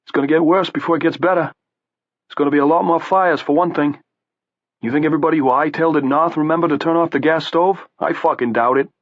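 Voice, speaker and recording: A man voicing a gruff, bloodied, bald brawler, blunt and profane. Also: a little high, fairly even intonation, fast, no room sound, highs cut off, voice pushed up, lightly acted. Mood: warning.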